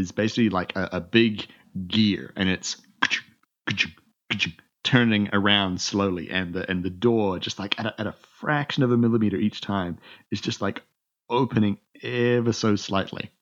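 A man narrating as game master in a tabletop game, stumbling through many repeated words and fillers. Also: on the low side. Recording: dull lo-fi sound.

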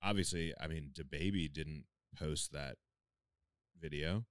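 A man's voice: very deep voice, a little slow, dry recording, studio quality. A man in casual, profane podcast banter, joking and doing mocking impressions.

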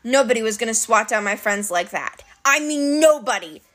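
A woman narrating an adventure story in an expressive, dramatic reading. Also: a little high, moderate pace. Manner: animated, dramatic. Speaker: audiobook narrator.

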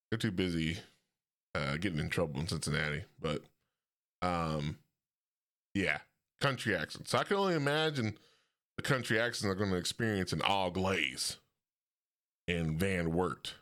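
A man's voice: low-pitched, a bit bright. A man from hosting a casual solo podcast, rambling and correcting himself, with frequent chuckles. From Ohio. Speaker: podcast host.

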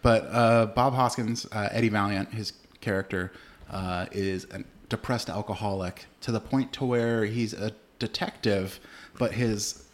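A man's voice: fairly low pitch, steady tone, unhurried. A man co-hosting a movie podcast, talking loosely with frequent fillers and swearing. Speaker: podcast co-host. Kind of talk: casual chat.

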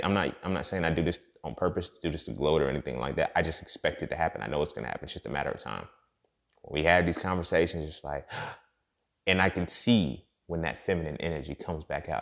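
A man with a very low, deep voice delivers a loose podcast monologue. He swears freely and sounds preachy, leaning on fillers like "you feel me" as he works through his points. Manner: profane, preachy, conversational with many fillers. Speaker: podcast host. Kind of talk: casual monologue.

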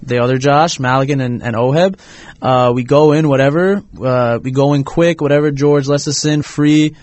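A young man telling an animated, slangy story in casual chat. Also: mid-range voice, dry recording. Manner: animated storyteller, slangy, rushes when excited.

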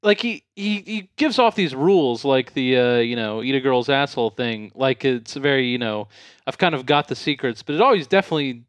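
A man's voice: mid-range voice, fairly quick, few pauses, smooth, no echo. A man chatting casually on a podcast, rambling with lots of fillers. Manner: rambling, filler-heavy reflection. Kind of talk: casual chat.

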